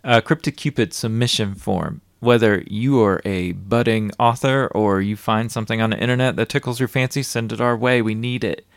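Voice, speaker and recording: A woman's voice: very deep voice, fairly even intonation, moderate pace, hardly any pauses, no room sound, studio quality. A woman co-hosting a podcast, chatting in a laid-back, rambling way and reading out listener thanks. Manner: laid-back, rambling, reads shout-outs. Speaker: podcast co-host. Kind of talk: casual chat.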